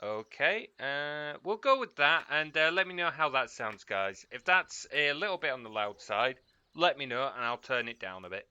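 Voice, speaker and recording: Lively bright-voiced streamer. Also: male voice, medium pitch, normal speed, clear, resonant tone, dry recording, dull audio. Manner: chatty, laughs often, talks to chat. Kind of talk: casual game stream commentary.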